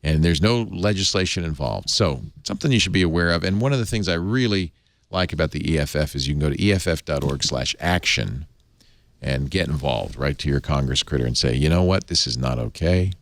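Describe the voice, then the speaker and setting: A man hosting a tech panel show, explaining a news story in an animated, opinionated way. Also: very deep voice, a little fast, no echo. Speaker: host.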